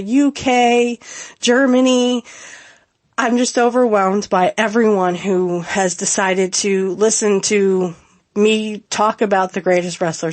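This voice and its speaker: A woman hosting a solo podcast, talking in a heartfelt, rambling way with many fillers and restarts. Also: mid-range voice. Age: adult with a young child. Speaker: podcast host. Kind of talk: casual solo podcast talk.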